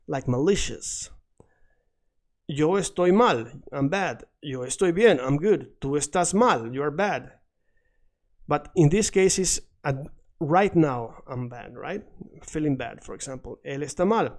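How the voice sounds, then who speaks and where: Brief: male language teacher, slightly high voice, patient drilling delivery. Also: a little mellow. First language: Spanish. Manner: explains step by step, repeats and drills phrases. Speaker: Spanish teacher. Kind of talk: recorded language lesson.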